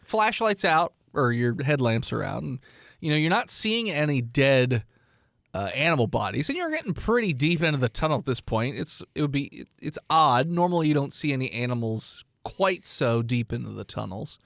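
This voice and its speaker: A man's voice: medium pitch, very animated, normal speed, creaky, a bit bright, no room sound, studio quality. A man running an improv tabletop game as game master, narrating in a laid-back way with lots of fillers.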